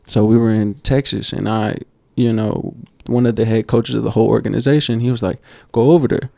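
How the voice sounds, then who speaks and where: A man co-hosting a basketball podcast, telling coaching stories in a casual, animated way and acting out quotes. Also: lowish voice, fairly quick, vocal fry, dry recording. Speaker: podcast co-host. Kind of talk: casual storytelling chat.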